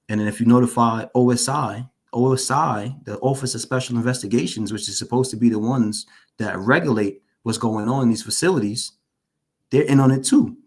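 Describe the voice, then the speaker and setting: A formerly incarcerated man, his voice fairly low and a little mellow, speaks as an interview guest. He gives earnest personal testimony, openly shaken as he recounts it, and repeats phrases for emphasis.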